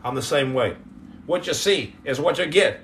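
A man's voice: on the high side, moderate pace, fairly bright tone, slight background noise. A man hosting a podcast live stream, casually chatting and joking sarcastically with viewers in the comments. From United States. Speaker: podcast host.

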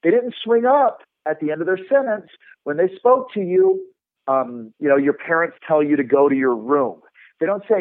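A man coaching sales technique in an animated, instructive way, demonstrating tones with his own voice, heard over a remote line. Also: fairly high pitch, normal speed, dry recording. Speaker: sales trainer. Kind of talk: instructive podcast talk. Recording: tinny phone-like line.

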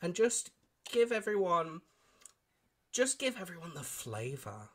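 A man's voice: high voice, sing-song, a little slow, fairly bright tone. A man hosting a podcast in casual chat over a video call, giggly and teasing. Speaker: podcast host.

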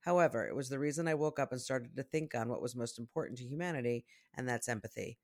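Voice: mid-range voice, quick pace, a little mellow. A podcast co-host in casual chat, reading listener posts aloud in a playful way and laughing often.

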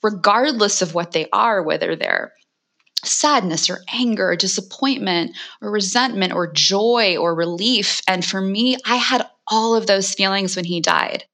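A woman in her forties talks openly as a guest, her words tumbling out quickly and emotionally. Her pitch sits mid-range, and "like" and "you know" keep breaking into her sentences. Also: a bit bright. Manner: emotional, fast, frequent "like" fillers. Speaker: guest author. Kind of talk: candid conversational talk.

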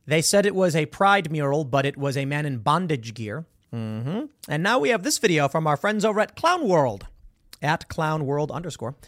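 A male commentary host with a somewhat high voice that swings up and down all the time. He talks with mocking sarcasm in a dry, close recording. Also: very animated, normal speed, a bit bright, no echo. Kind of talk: opinion commentary on a viral video.

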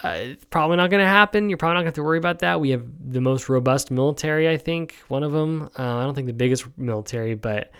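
A man's voice: on the high side, fast talker, few pauses, fairly bright tone, clear, resonant tone. A man from New York hosting a solo podcast, talking casually with many ums and restarts while yawning and sleepy. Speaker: podcast host.

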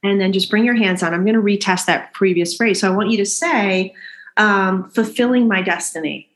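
A woman guiding a chakra tapping exercise in a gentle, instructive way, checking in with "okay?" as she leads. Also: medium pitch, fairly even intonation, normal speed. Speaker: energy healer guiding an exercise. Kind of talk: guided chakra tapping session.

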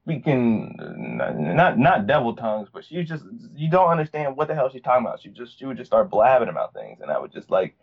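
A man's voice: mid-range voice, wildly swooping pitch, a little fast, vocal fry, few pauses, husky. Rambling young man, dull lo-fi sound. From Virginia, USA. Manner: rambling, many fillers and restarts. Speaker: podcast guest. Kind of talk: personal story, casual talk.

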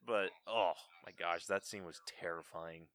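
Bright-voiced man, slangy and casual. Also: deep voice, fairly even intonation, dry recording, studio quality. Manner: loose, slangy, quick to curse. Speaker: podcast co-host. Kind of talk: casual chat about a film.

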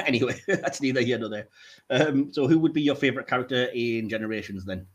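A man's voice: mid-range voice, a little fast, husky. A man hosting a casual podcast chat, joking and laughing often as he teases his co-hosts. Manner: jokey, laughs often, teasing. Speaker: podcast host.

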